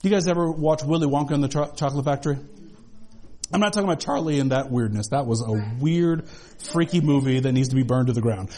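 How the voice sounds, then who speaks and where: A man's voice: mid-range voice, fast, warm tone. A male pastor preaching a sermon to a congregation in a conversational way, with humorous asides. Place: church with a congregation.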